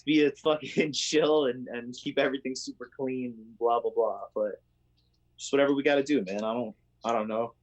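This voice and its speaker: Laid-back man chatting, swearing freely. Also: mid-range voice. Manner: laid-back, profane, laughs often. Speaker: podcast co-host. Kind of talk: casual chat.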